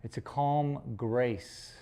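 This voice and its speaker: A man's voice: medium pitch, extremely slow, mellow, clean tone. A man chatting casually on a livestream while he paints, rambling and joking with some swearing. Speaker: painter streaming live.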